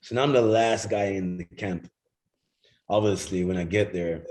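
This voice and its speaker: Middle-aged man, lowish voice, animated storyteller who jumps into other people's voices and swears freely. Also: moderate pace. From Jamaica. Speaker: guest. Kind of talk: casual storytelling chat.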